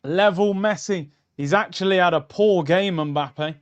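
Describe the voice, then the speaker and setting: A young man hosting a live football watchalong, chatting through the game and yelling at the screen. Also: sits high, unhurried, hardly any pauses, lo-fi sound. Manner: excitable, shouts at the screen, chatty tangents. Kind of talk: live match reaction commentary. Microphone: streaming mic.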